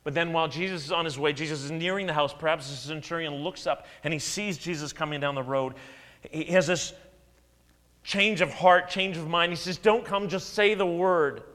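Male pastor, mid-high voice, dramatic sermon delivery, echoing hall. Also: brisk. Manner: animated preaching with dramatic swings in pitch and volume, acted-out quotes.

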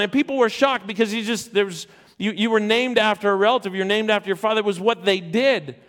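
A man delivers a sermon to his congregation, retelling a scripture story in a lively, emphatic way. His voice sits a little high for a man, and he often repeats and restarts words as he builds his point. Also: brisk. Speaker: pastor.

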